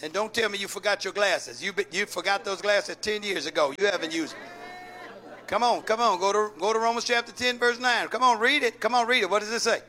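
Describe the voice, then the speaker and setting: With a high, pushed, bright voice and a slightly fast pace, a pastor leads a call-and-response sermon, prompting the congregation to answer his questions and repeating key lines. A little hiss or hum runs under the recording.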